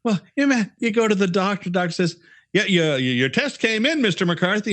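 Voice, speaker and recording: A man's voice: high-pitched, lively intonation, fairly bright tone, no echo. A man with a slightly raised voice, a weekly regular on a comedy podcast. He stumbles and restarts often and pokes fun at himself. He keeps it loose and casual. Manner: halting, stammering, self-deprecating.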